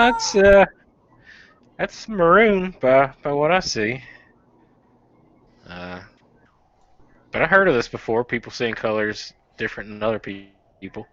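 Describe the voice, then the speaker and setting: A man's voice: medium pitch, a bit bright. A man playing in a tabletop game, talking hesitantly with many false starts. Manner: hesitant, many fillers and restarts. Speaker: player. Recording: slightly dull lo-fi audio.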